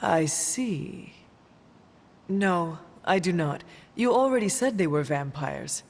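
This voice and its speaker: A man's voice: high-pitched, lively intonation, slow pace, exaggerated voice. An actor playing a formal, dry-witted man with precise diction in a video game. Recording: game audio with faint music.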